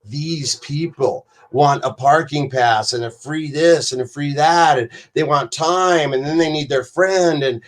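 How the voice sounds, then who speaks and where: A man doing a brash middle-aged rock frontman holding forth to a crowd, blunt and profane, with mock-grand speechmaking in a slightly higher register. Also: a little slow, hardly any pauses, natural voice. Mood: mock indignant.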